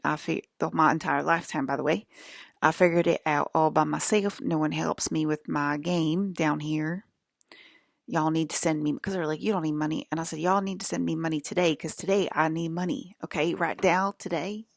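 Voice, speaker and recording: A woman's voice: deep voice, vocal fry, no echo, clean studio sound. A woman talking to camera in a rambling, emphatic monologue, swearing and checking in with "okay?" after her points. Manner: emphatic, profane, keeps asking "okay?". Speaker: vlogger.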